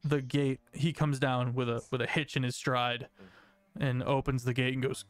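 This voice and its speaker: A man narrating a tabletop game as game master, unhurried, with fillers. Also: mid-range voice, level tone, smooth, no room sound, faint music behind.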